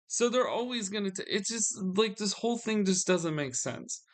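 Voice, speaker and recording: A man's voice: high voice, expressive, normal speed. A man venting to his audience in a solo video, weary and frustrated, often restarting his sentences. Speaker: vlogger.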